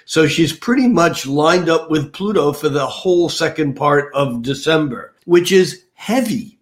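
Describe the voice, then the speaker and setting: A man's voice: fairly high pitch, animated, unhurried. An older man, an astrologer on a podcast, talking casually with many fillers and restarts. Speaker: astrologer guest.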